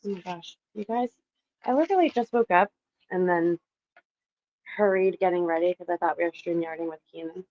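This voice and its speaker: A woman's voice: lowish voice, fairly quick, dull audio, slight background noise. A Canadian woman in her thirties chatting casually with viewers on a live stream, rambling, laughing often and swearing now and then. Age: 30s.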